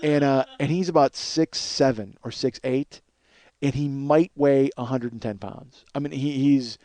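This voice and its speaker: A man hosting a podcast, telling a long rambling story on his own, full of swearing, trailing off into mumbles and then rising to excited shouting. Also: medium pitch, unhurried, dry recording. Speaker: podcast host. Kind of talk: solo storytelling monologue.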